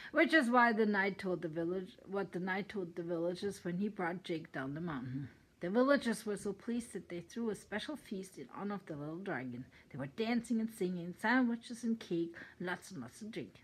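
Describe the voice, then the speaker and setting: A woman's voice: medium pitch, lively intonation, normal speed, husky, rough recording. An older woman from Germany with a German accent, reading a children's story aloud with chatty asides. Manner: chatty asides between sentences.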